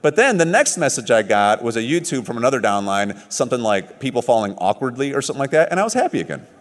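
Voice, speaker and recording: A middle-aged man giving a motivational stage speech at a business event, telling stories with animated emphasis. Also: mid-range voice, quick pace. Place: large event hall. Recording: long hall reverb.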